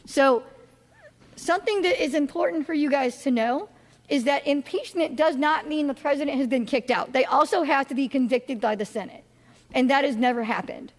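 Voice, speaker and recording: A woman's voice: sits high, normal speed. A woman teaching a political science class in a casual, chatty way, with many fillers and restarts, putting questions to her listeners. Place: classroom or lecture hall. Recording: long hall reverb.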